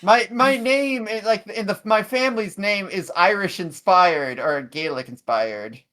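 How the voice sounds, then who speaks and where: A man with a somewhat high voice chatting casually with friends. He teases dryly and makes wry asides. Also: unhurried, pushed and bright. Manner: dry, teasing. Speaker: player. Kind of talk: casual chat among players.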